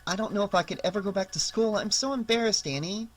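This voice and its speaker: A narrator voicing a shy, sensible teenage girl babysitting, in a gentle, slightly anxious voice. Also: mid-range voice, quick pace, soft background music, voice pushed up, close to an everyday voice. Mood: embarrassed.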